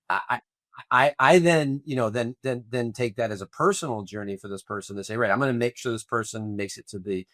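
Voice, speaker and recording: Middle-aged male host, mid-pitched; conversational and rambling, frequent restarts; dry close-mic studio sound. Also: fairly bright tone, no echo. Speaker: podcast host and tax accountant. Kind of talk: podcast interview.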